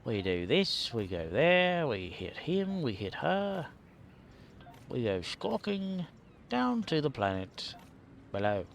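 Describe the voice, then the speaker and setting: A man's voice: medium pitch, very animated, takes it slowly, slight background noise. Rambling joking male game streamer. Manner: rambling, jokey, mutters to himself. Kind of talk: casual live-stream commentary.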